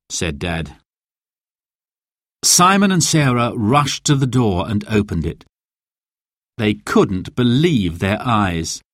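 A man narrating a children's storybook in a clear, expressive, deliberate way. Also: lowish voice, no room sound, studio quality.

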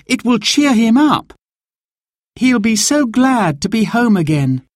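A man voicing an eager young girl in a storybook reading, bubbly and excited. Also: very high voice, slow, no echo, voice pushed up, exaggerated voice.

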